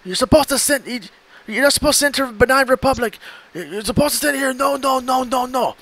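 Man putting on a high, frantic, repetitive scammer, shouting. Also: brisk, full character voice. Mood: exasperated. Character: angry male scammer on the phone, repeating himself.

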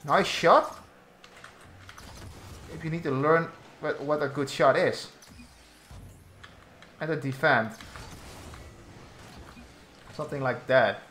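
Slow-talking man commentating gameplay. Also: fairly high pitch, fairly bright tone, roomy sound, a little hiss or hum. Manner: slow, halting commentary with frequent restarts, exasperated at teammates. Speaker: gaming YouTuber.

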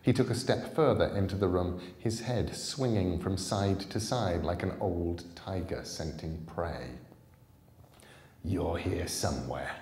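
A man reads a novel aloud in a calm, deliberate way. His voice is deep and unhurried. It rings in a roomy, echoing space. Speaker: storybook reader. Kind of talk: audiobook reading of a novel.

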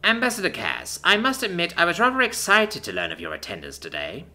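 A woman's voice: on the low side, huge pitch swings, a little fast, pushed and bright, voice pushed up, full character voice. A man voicing a stern, authoritative woman president in her forties. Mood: dry. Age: 40s.

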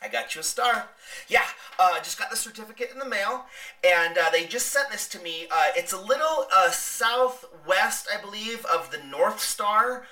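Bright-voiced woman, mock-earnest jokes. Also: medium pitch, expressive, moderate pace, far from the mic.

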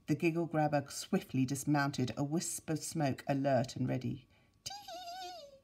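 A woman teacher reading a story aloud to her pupils, expressive and playful with sound effects and asides. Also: a bass voice, moderate pace, slightly rough. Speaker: primary school teacher.

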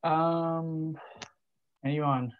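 A relaxed Australian man in his late teens talks casually as a podcast guest, hesitating and restarting often. His voice stays mostly level, with little rise or fall. The recording is dry and a little dull, like a lo-fi capture. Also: on the high side, drawn-out words, no echo. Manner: laid-back, many ums and restarts. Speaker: guest, junior footballer. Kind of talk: casual interview chat.

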